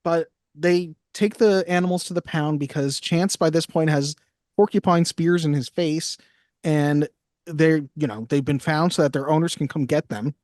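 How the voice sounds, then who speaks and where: A podcast co-host recapping a film in a casual, animated chat, swearing often. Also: mid-range voice, moderate pace, no echo, clean studio sound.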